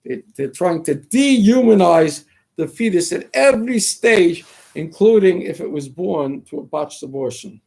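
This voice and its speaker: A man with a notably high voice hosts a talk show, preaching his views in an emphatic monologue. He fires off rhetorical questions and peppers his speech with Hebrew and Yiddish terms. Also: expressive, measured pace, gravelly, a little mellow, husky. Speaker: radio talk host. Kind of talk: political commentary monologue.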